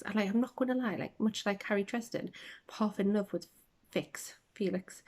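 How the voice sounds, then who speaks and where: A woman's voice: mid-range voice, steady tone, brisk. Rambling chatty woman podcaster on a phone. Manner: chatty, rambling, lots of ums and tangents; drops to a soft half-whisper at times. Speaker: podcast host. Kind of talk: casual chat about books.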